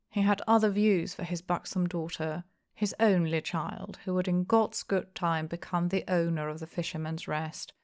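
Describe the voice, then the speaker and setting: A woman narrating an audiobook of a classic novel in a measured, clear storytelling manner. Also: fairly low pitch.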